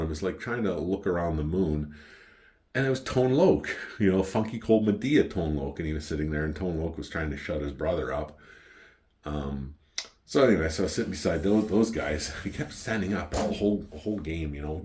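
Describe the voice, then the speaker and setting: Deep-voiced, swearing Canadian storyteller man. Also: moderate pace. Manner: profane, animated storyteller. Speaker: wine collector vlogger. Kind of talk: casual storytelling.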